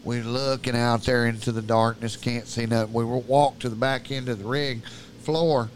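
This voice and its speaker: A man's steady, mid-range voice comes at normal speed over slight background noise. Appearing as a podcast guest, he rambles through a long, profane, vivid story, frequently stopping himself partway through sentences.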